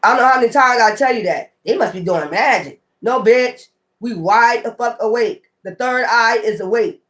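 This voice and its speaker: Very high and a bit bright, the voice comes quickly from a tarot reader on his own channel. Talking unscripted, he rants with profanity and hostility, throws the same taunts repeatedly, and dismisses his critics as weirdos.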